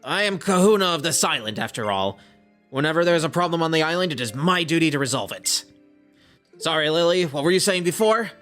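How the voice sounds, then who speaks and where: A man voicing a dignified older island chief, speaking in a measured, dutiful way. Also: on the high side, lively intonation, fairly bright tone, soft background music, voice pushed up. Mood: solemn.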